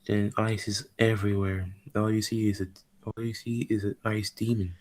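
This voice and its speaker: A man's voice: lowish voice, flat delivery, moderate pace, a little mellow. A man casually narrating a fan-made what-if story, acting out character lines and slipping into whispers. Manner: acts out lines, slips into whispers.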